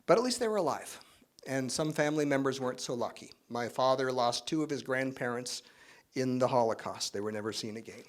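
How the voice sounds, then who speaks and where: A middle-aged man giving a keynote speech at an awards event, in a relaxed, conversational way with joking asides, many fillers and tag questions. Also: medium pitch, brisk. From Spain, raised in Canada. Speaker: keynote speaker.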